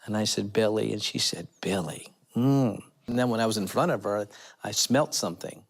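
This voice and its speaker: A man giving a personal testimony in an interview, telling his story as an animated storyteller who acts out the voices of others. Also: fairly low pitch, brisk, vocal fry. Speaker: faith healer telling his story as a guest.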